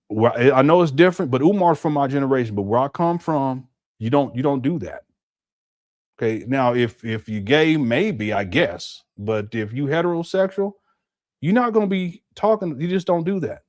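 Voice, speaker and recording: A man's voice: mid-range voice, expressive, moderate pace, darkish tone, no room sound. Man rambling on a live stream, dry sound. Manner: rambling, musing, with a lot of repetition. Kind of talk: casual live stream commentary.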